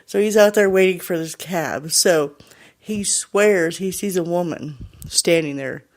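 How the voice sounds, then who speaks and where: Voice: mid-range voice, measured pace. A podcast host retelling a story in a casual, chatty way, laughing often and restarting phrases.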